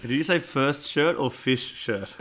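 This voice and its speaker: A man co-hosting a podcast in loose, joking chat. His voice sits at an ordinary middle pitch. He bounces gags off his co-host. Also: a bit bright. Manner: jokey, quick banter with laughs. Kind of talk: casual chat.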